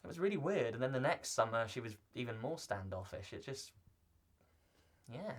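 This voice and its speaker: A man's voice: mid-range voice, sing-song, moderate pace. A young man playing a vlogger who answers viewer questions in a scripted, in-character video. He talks in a playful, joking way and rambles into asides.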